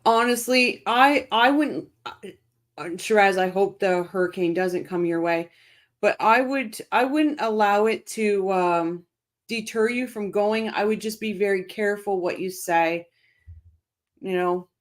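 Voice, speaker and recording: A woman's voice: mid-range voice, unhurried. A middle-aged woman hosting a casual livestream, chatting and reading out viewer comments with frequent restarts. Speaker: livestream host.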